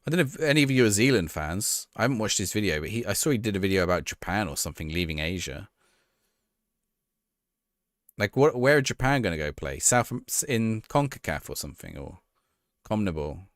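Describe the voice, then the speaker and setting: A man's voice: fairly low pitch, big pitch swings, quick pace, no room sound, studio quality. A man casually chatting on a live stream as he plays a football management game, thinking aloud and talking to his chat.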